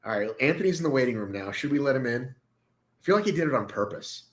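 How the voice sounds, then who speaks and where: Brash, jokey male host of a live show, pitch all over the place. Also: fast talker, low-quality recording. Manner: animated, joking, swears freely. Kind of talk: casual live show chat.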